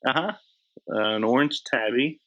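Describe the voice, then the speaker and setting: A man who works as an editor and publisher, a guest chatting in a relaxed way and laughing easily. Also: mid-range voice, normal speed, poor audio. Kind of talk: casual chat.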